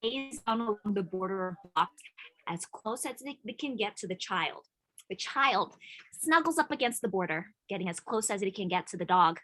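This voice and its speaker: A woman reading the stage directions of a play aloud in an expressive, playful way. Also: mid-range voice, normal speed, poor audio. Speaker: narrator and actor in a play reading.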